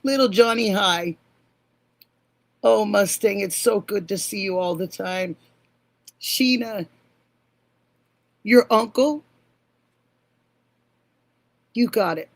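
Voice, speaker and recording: Slow-talking older woman greeting viewers. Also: mid-range voice. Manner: affectionate, calls viewers honey and sweetheart. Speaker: livestream host. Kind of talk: casual live-stream chat greeting viewers.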